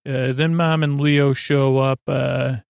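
Male podcast host, gravelly voice, loose rambling recap delivery, dry close sound. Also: mid-range voice, level tone, slow pace, dry recording. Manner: rambling, many ums and uhs, loosely quotes characters. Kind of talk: casual episode recap.

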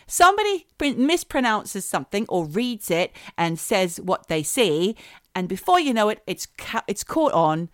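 A woman's voice: mid-range voice, no echo, clean studio sound. A woman co-hosting a podcast in casual chat, opinionated and playful. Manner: opinionated, playful, animated delivery. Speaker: podcast co-host.

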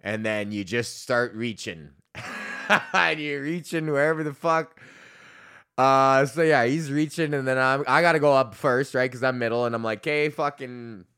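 A young man hosts a solo comedy podcast, telling stories in a loose, profane ramble. His voice sits at a middle pitch, and he laughs often as he goes. He keeps breaking into quick mock voices for the people in his stories. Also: fairly bright tone, clear, resonant tone. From Canada.

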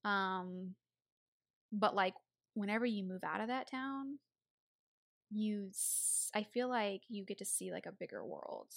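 A woman's voice: medium pitch, measured pace, vocal fry, long pauses, no echo, studio quality. A young woman co-hosting a podcast, chatting casually and laughing easily, often saying "like". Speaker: podcast co-host. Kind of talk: casual chat.

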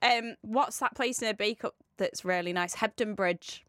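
A young woman co-hosts a casual chat in a relaxed way, with plenty of ums and likes and easy laughter. Her voice has a middling pitch and sounds dry and close to the mic. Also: a little slow, no room sound. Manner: laid-back, full of fillers, laughs easily. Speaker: podcast co-host.

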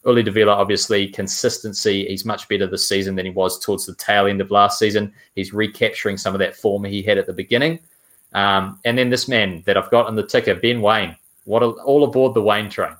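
Male podcast host, low voice, eager casual football chat. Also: fairly even intonation, fairly quick, fairly bright tone. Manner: enthusiastic, asks co-hosts questions.

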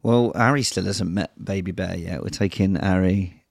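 A man hosting a podcast in casual chat, an animated storyteller who swears freely and acts out voices. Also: low-pitched, moderate pace, vocal fry, dry recording, clean studio sound. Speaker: podcast host.

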